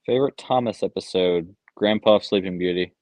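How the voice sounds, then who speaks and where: A man's voice: deep voice, a little fast, a little mellow, dry recording. A young man hosting a live stream, reading chat questions and answering them offhand with many ums and uhs. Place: basement room at home. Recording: dull lo-fi sound.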